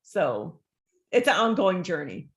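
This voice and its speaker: A woman's voice: on the low side, a little slow. A woman, a life coach talking as an interview guest and acting out the voices she quotes. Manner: animated, acts out quoted voices. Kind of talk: conversational interview.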